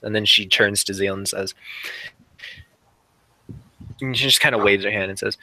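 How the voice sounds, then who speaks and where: A man's voice: lowish voice, fairly even intonation, moderate pace, long pauses, sharp tone, no room sound, rough recording. A man narrating as game master of a tabletop role-playing game, rambling with frequent fillers.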